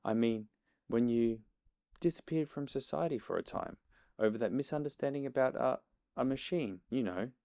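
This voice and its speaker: A man's voice: on the low side, normal speed, creaky, darkish tone, no echo. Sensible storybook rat, stern and reproachful, as a man with a dry, close voice puts him on. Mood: grave. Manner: lecturing, serious and reproachful. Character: sensible stern male water rat friend.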